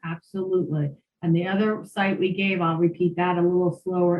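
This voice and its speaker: A woman co-hosting a career podcast, chatting in a lively, talkative way and telling anecdotes. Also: on the low side, moderate pace, few pauses, lo-fi sound. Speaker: podcast co-host, career coach. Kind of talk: casual chat. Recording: roomy, distant mic, faint background noise.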